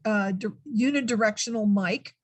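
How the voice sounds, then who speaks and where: A woman professor speaking up during an online session over a video call. Her voice is husky and breathy at an ordinary pitch. She explains her points in a direct, practical way. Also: normal speed. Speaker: professor and audience member. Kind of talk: asking questions in a webinar.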